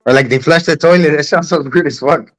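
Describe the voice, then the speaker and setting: A man's voice: on the high side, brisk, a bit bright, faint music behind. A man co-hosting a podcast, joking around in loose, profane banter. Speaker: podcast co-host. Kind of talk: casual podcast chat.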